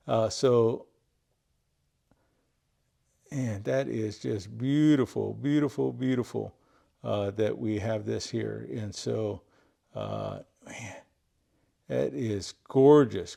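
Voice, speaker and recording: A man with a gravelly, creaky voice at an ordinary pitch chats casually to the camera in his garage. He exclaims over each item, says words of praise two or three times in a row, and thinks aloud with plenty of fillers. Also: warm tone. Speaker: tool collector opening viewer mail. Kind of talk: casual unboxing chat to camera. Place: home garage.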